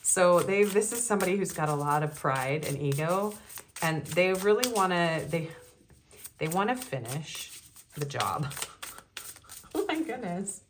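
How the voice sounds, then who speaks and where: A woman with a low, deep-set voice gives a chatty, casual tarot reading from home, giggling often and filling pauses with ums and likes. A faint hiss sits under her voice. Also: expressive. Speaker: tarot reader.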